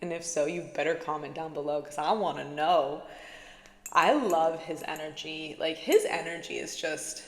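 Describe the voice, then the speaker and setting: A woman's voice: deep voice, normal speed. A woman chatting casually as a spiritual vlogger, rambling and giggly, with lots of "like". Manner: chatty, giggly, says "like" a lot. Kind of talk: casual rambling chat to camera. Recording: echoey room with long reverb.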